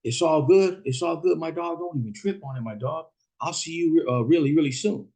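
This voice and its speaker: Guy doing a cocky young gangster dude, pitched way up, raspy and kinda husky. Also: a little fast, darkish tone. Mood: dismissive. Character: cocky young male gang rival, brash.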